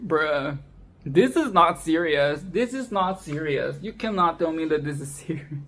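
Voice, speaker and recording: A woman giving a casual, animated film commentary, swearing, laughing and repeating phrases for emphasis. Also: deep voice, a little slow, slight background noise. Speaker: film review vlogger.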